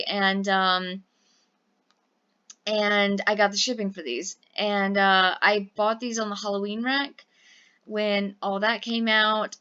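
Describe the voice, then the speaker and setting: A woman's voice: medium pitch, pushed and bright, highs cut off. A woman from Louisiana chatting casually about her eBay sales, rambling with lots of fillers. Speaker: eBay reseller vlogger. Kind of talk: casual chat.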